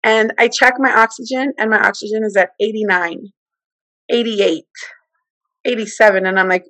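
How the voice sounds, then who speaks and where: A middle-aged woman telling a personal story in casual, animated talk, acting out what people said. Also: moderate pace, dry recording, low-quality recording. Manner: animated, acts out quoted speech with big pitch jumps. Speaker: guest telling her testimony.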